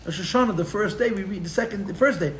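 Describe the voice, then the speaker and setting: A man teaching a live Torah class as a rabbi, telling the story with animated, sarcastic humor and mixing in Hebrew and Yiddish terms. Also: high voice, fast talker, echoey room, background noise. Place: room for a live-streamed class.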